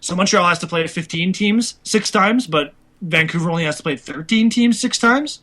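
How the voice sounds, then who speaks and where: Young male podcast co-host, bright and slightly high, loose, filler-heavy hockey banter. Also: normal speed. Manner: laughing, loose, lots of fillers. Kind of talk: casual hockey chat.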